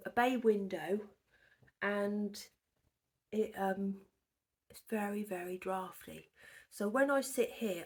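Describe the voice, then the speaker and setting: A woman hosting a knitting podcast from her living room at home, in a chatty, rambling show-and-tell that often drops to a near whisper. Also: medium pitch. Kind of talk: casual show-and-tell chat.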